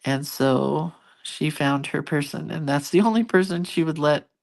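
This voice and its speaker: Chatty middle-aged woman, lowish voice. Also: normal speed, gravelly. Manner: rambling, chatty, with many fillers and restarts. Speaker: host. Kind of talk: casual chat to live viewers.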